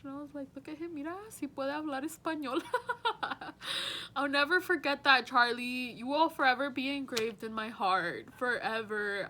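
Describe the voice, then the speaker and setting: A young woman with a voice pitched a little high speaks an earnest, rambling goodbye to her former students. She leans on lots of fillers as she talks, and a faint low rumble sits behind her. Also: bright, forceful tone. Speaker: teaching assistant. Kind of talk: heartfelt farewell message.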